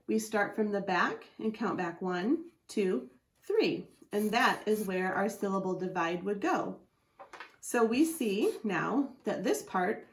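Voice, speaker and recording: Patient woman teaching phonics, echoey room. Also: mid-range voice. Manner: patient, slowly sounds out letters and syllables. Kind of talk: phonics lesson explaining a chart.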